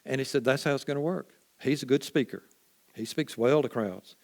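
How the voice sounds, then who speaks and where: A man preaching a sermon as a first-person story, folksy and conversational, often dropping to a quiet hush. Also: medium pitch, normal speed, creaky.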